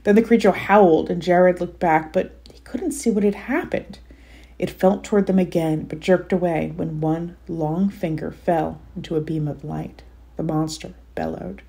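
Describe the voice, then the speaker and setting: A woman author reading her children's novel aloud in an expressive, measured storytelling manner. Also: lowish voice, creaky, husky.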